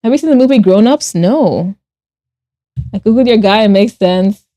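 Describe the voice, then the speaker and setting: A woman streamer who talks casually while drawing and reads her chat aloud. She is animated, laughs often and swears bluntly. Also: mid-range voice, moderate pace, no echo. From Nigeria and Ireland. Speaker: streamer and artist.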